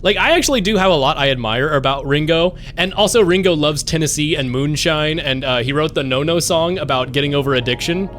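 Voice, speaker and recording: A man's voice: fairly high pitch, a little fast, few pauses, fairly bright tone, slight background noise. A young man streaming games, rambling and joking casually as he talks to his chat. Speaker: game streamer.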